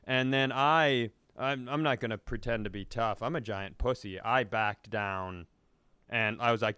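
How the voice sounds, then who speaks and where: Dude on a comedy podcast telling a crude story, smooth clean voice, really dry close sound. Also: male voice, medium pitch, measured pace, no room sound. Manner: animated, profane storyteller who keeps restarting sentences. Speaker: podcast co-host.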